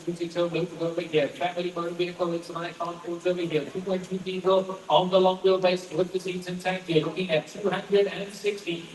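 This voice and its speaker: Male auctioneer, high voice, rapid bid chant, echoey hall from far off. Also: a little hiss or hum. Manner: rapid repetitive bid calling.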